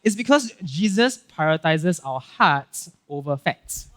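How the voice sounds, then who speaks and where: A male pastor with a Singaporean English accent giving a casual, animated sermon, acting out Bible scenes and checking in with "right?" and "okay?". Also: on the high side, measured pace. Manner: casual filler-heavy talk with frequent "right?" and "okay?".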